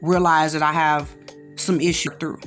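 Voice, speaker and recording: A woman's voice: deep voice, level tone, normal speed, a bit bright, faint music behind. Sassy preachy woman with a drawl. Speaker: commentary channel host. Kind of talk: casual monologue commentary.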